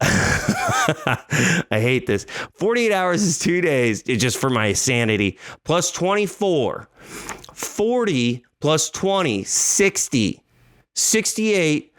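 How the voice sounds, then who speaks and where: A man in his thirties chats casually on a podcast and tells a story with jokey exaggeration, acting out his own inner voice. His pitch swings widely, from low mutters up to high squeaks. The sound is dry and close, with no room echo. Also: a bit bright. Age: 30s. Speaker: podcast host.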